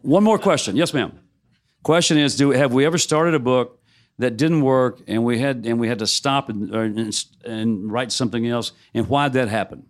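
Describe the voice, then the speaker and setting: Speaking at a moderate pace in a medium-pitched voice, a middle-aged male novelist shares wry stories at his own expense during a relaxed onstage panel chat, often laughing at himself.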